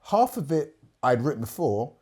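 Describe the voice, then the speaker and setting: A man tells stories as a podcast guest. His tone is mellow and relaxed, and he stays animated throughout, often repeating words and acting out the lines of the people in his stories. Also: medium pitch, normal speed, husky. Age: 50s. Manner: animated, repeats words, quotes others at length. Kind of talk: casual storytelling.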